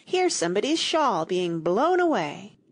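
A woman voicing a polite, curious young girl with a gentle manner. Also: mid-range voice, very animated, measured pace, slightly rough, heavily acted.

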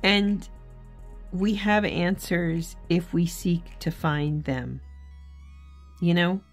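Low-voiced earnest woman vlogger. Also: steady tone, extremely slow, faint music behind. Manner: earnest, candid, self-correcting. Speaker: faith vlogger. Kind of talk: casual devotional vlog talk.

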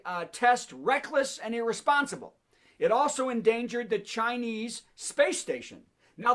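A man's voice: extremely high pitch, fairly bright tone. A man hosting a comedy show over a video call, telling topical jokes, laughing at his own lines and talking with the audience. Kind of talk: stand-up monologue on a video call.

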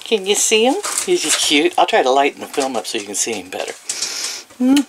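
A woman's voice: low-pitched, huge pitch swings, brisk, slight background noise. An older woman vlogging at home, talking sweetly to her animals in baby talk. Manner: coos and baby-talks to the animals, laughs often. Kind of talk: casual vlog, talking to animals.

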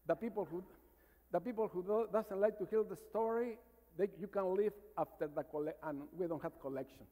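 Mexican priest preaching in a reverberant church. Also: male voice, high-pitched, a little fast. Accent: Mexican Spanish. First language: Spanish. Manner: storytelling, calls for amens, drops to a hushed voice. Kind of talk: sermon. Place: large church.

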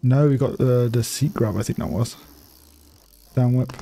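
Over faint background music, a young gaming streamer gives casual live commentary on a bike game in a mellow, creaky, medium-pitched voice. He speaks at a moderate pace, chatting, cursing freely, and laughing a lot.

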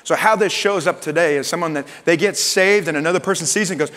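Animated male pastor in an echoing hall. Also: a little high, fast talker, few pauses. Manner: animated, conversational preaching with slang. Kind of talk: sermon.

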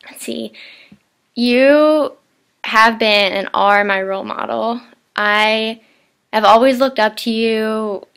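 A woman's voice: on the high side, a bit bright. A young woman talking casually in a heartfelt video message to her mother, rambling a bit with fillers and small laughs.

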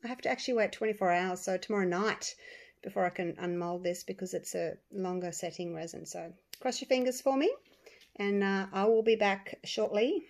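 A woman who runs a resin craft channel, chatting to viewers in an excitable, gushing way while she works. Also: medium pitch, brisk, creaky. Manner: excitable, gushing, talks to viewers as you guys. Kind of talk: casual chat while crafting.

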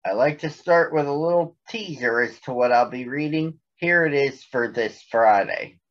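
A man's voice: mid-range voice, moderate pace, lo-fi sound. A man hosting a virtual storytime, introducing a picture book in a chatty way with a few slips. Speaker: host reading picture books.

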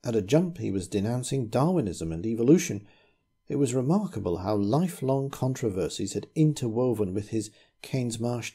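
A man reading a ghost story aloud in a measured, grave storytelling manner. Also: lowish voice, dark tone, slightly rough. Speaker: narrator.

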